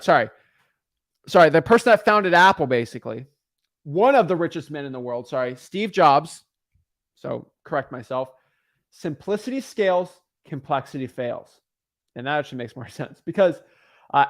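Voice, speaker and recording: A man in his twenties teaching real estate wholesaling on a livestream, talking in a hyped-up, rambling way and correcting himself often. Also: fairly high pitch.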